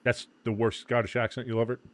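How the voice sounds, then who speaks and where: A man hosting a live sports watch-along stream, chatting casually and calling plays, loud when the action picks up and muttering asides in between, with some swearing. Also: mid-range voice, fast. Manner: excitable, swings from loud play calls to muttered asides, swears. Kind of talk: casual live game commentary.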